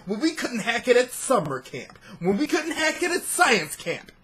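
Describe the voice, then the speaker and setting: A man playing a crude, mocking young alter ego of himself in a comedy sketch, loud and swaggering. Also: very high voice, big pitch swings, moderate pace, husky, heavily acted. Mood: berating. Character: crude foul-mouthed brash young male alter ego.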